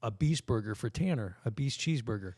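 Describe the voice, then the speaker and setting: A man's voice: medium pitch, expressive, brisk, a little mellow, no room sound, clean studio sound. A middle-aged man co-hosting a casual podcast, rambling through stories with frequent restarts. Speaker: co-host. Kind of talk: casual chat. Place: studio.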